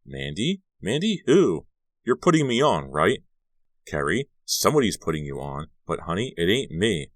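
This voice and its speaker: A man voicing a sharp-tongued, sarcastic teenage girl in an audiobook reading. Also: low voice, sing-song, normal speed, no room sound. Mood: incredulous. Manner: sarcastic, mock-snooty.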